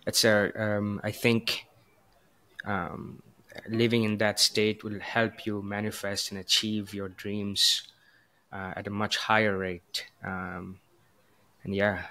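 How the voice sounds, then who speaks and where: Male podcast host, low, even-pitched, gentle and hesitant delivery. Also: slow. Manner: gentle, reflective, hesitant with frequent "uh" and "um". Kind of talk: casual podcast conversation.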